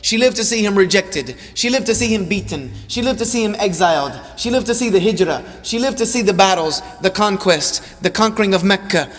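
Man preaching a sermon, kinda high voice, swings from loud to hushed, lots of hall echo. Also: lively intonation, a little fast, hardly any pauses. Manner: impassioned, rising and falling, repeats lines for emphasis. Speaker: Islamic preacher. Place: large hall or mosque.

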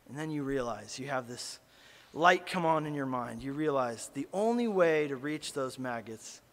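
A man preaching a sermon as a pastor, telling a story and swinging from hushed asides to loud, animated calls. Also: a little high, big-room sound. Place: church sanctuary.

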